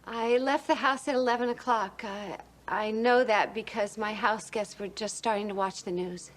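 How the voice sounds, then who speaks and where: An actress playing a witness giving careful testimony in a 1980s TV courtroom drama. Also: female voice, mid-range voice, fairly even intonation, normal speed, natural voice. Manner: plain, careful testimony with small hesitations. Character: woman witness on the stand, composed.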